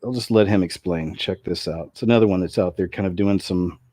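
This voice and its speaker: A man's voice: low-pitched, a little fast, dark tone, no room sound, studio quality. A man hosting a commentary video, talking in a rambling way with many restarts and asides.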